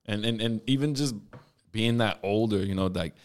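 A man with a fairly low voice in an easygoing podcast conversation. He backs up the others warmly, nods along in words and drops "man" at the end of his phrases. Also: moderate pace. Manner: agreeable, affirming, adds "man" to his lines. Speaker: podcast co-host. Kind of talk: casual chat.

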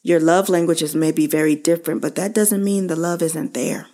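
A woman hosting her own show, speaking slowly and earnestly to listeners about losing her mother and how to grieve. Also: sits low, dark tone. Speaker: podcast host. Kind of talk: personal reflective monologue.

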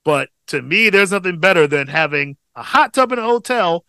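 A man in his thirties with a high, smooth voice co-hosts a podcast, speaking at a normal pace on a dry recording. He tells a family story in a relaxed, animated way and swears a lot as they chat casually.

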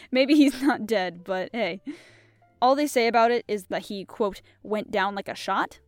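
A woman's voice: mid-range voice, no echo. A young woman hosting a show, chatting casually and giggling as she reads mystery puzzles aloud, rambling with many fillers. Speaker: podcast host.

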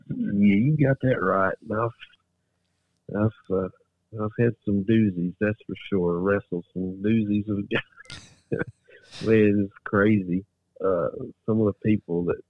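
A male guest chatting casually, hesitant and full of ums as he recalls stories. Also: on the low side. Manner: hesitant, many ums and uhs. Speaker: guest, wrestler. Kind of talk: casual chat. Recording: tinny phone line.

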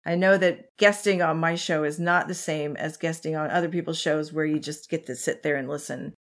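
A woman hosting her podcast over a remote call, gracious and quick to laugh. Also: low-pitched, steady tone. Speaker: podcast host. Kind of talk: casual remote podcast chat.

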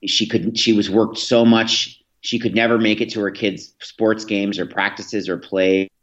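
At a measured pace and in a level tone, a man in his thirties with a lowish voice tells earnest anecdotes as a podcast guest. He keeps restarting his thoughts, captured in dull lo-fi audio.

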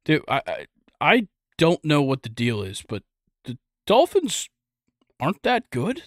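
A man's voice: on the high side, huge pitch swings, unhurried, dry recording, clean studio sound. A young man hosting a casual sports podcast, rambling and joking with lots of fillers. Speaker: podcast host.

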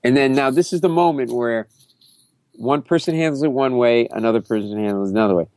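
A man telling a story as a comedy guest, loud and profane, often breaking into shouted reenactments. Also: mid-range voice, fast talker, no echo. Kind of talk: animated storytelling.

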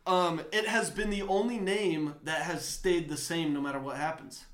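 Brief: upbeat podcast co-host, man, bright high voice, echoey room. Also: moderate pace. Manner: playful, animated banter. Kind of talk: casual sports podcast chat.

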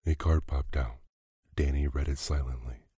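A man narrating a bedtime story in a slow, even, soothing reading. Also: extremely low pitch, breathy edge, no echo, studio quality.

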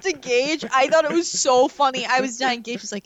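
A woman's voice: high voice, brisk, few pauses, no room sound. A woman co-hosting a podcast, recapping a movie in playful, giggly casual chat. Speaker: podcast co-host.

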